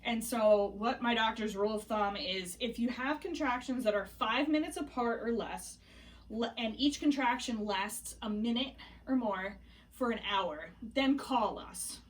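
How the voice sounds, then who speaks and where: Chatty pregnant woman, slightly high voice. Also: unhurried, distant mic. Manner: chatty, laughing often, animated retelling. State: pregnant, hiccuping. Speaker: vlogger. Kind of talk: casual storytelling vlog.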